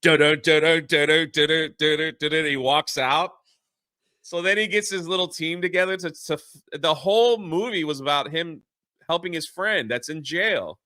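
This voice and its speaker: Male podcast host, fairly high and bright, dry close sound, loose rambling recap. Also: lively intonation, normal speed, no room sound. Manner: rambling plot recap with many fillers. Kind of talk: casual spoiler movie review.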